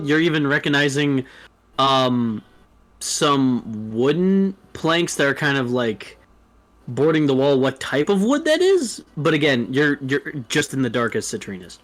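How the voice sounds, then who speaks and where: A man's voice: on the high side, expressive, a little slow, fairly bright tone, rough recording. Young man running a tabletop game. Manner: casual, swears, plays the townsfolk lines himself. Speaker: dungeon master.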